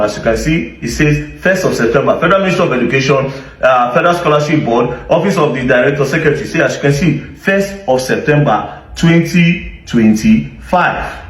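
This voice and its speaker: A combative Nigerian man rants in sarcastic commentary, his fairly high voice swinging widely up and down. He sounds set back from the mic in an echoey room. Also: distant mic. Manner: sarcastic, combative, full of rhetorical questions. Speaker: social media commentator. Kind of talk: ranting commentary to camera.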